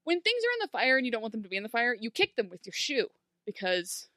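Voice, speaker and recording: A woman talks in a casual recap, sarcastic and animated, her speech full of "like" fillers. Her voice is fairly high and bright. The sound is close and dry. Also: quick pace, dry recording. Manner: animated, sarcastic, lots of "like" fillers, acts out quotes. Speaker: podcast co-host recapping a TV episode. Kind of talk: casual chat.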